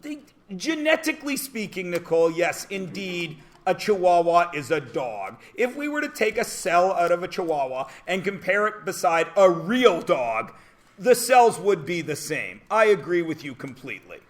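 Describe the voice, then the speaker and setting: Animated, joking male math teacher. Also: high-pitched, normal speed. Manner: loud, joking rants with sudden shouts. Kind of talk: animated classroom lecture. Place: classroom.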